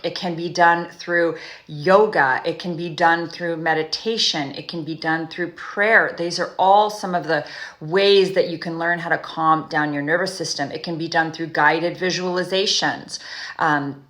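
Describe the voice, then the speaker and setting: A woman speaks as a recovery coach in a loose, conversational monologue, often doubling back and restarting her sentences. Her voice sits a little low but sounds bright and forward. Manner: rambling, self-correcting, frequent "you know" and "right?"; slow, soothing guided breathing. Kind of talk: casual advice monologue to camera.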